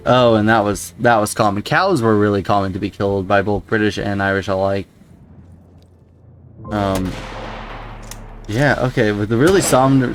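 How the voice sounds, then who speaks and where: A man's voice: lowish voice, slight background noise. A man casually commenting on a video game as he plays, rambling and musing aloud with frequent startled exclamations. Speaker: gameplay commentator. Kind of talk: casual let's-play commentary.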